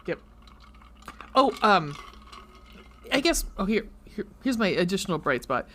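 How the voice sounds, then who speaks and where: A woman co-hosting a book podcast in relaxed, casual chat, swearing freely. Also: medium pitch, unhurried, slight background noise. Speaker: podcast co-host.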